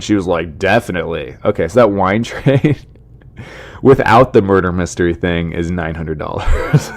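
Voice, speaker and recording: Deep-voiced man rambling on a podcast. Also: fairly quick, darkish tone. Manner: rambling, self-deprecating, chatty asides to listeners. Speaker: comedian and podcast host. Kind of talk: casual podcast monologue.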